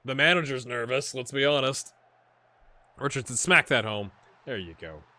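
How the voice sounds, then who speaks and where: A man hosting a gaming video, chatting and reacting excitedly as he plays a football management game. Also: mid-range voice, normal speed. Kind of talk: live commentary while playing a football management game.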